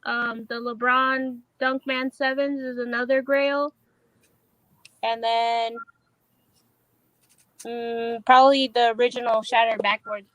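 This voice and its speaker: High-voiced woman, matter-of-fact. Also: flat delivery, slow pace, long pauses, a bit bright, no room sound, low-quality recording. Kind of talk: casual panel chat.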